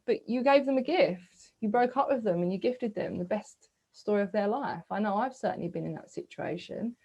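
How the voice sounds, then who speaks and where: Soft-spoken woman coaching reflection. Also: mid-range voice, lo-fi sound. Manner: soft, searching, asks listeners questions with a gentle 'hmm?'; breathy sighs, slow reflective pauses. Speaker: spiritual coach. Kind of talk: guided self-reflection talk.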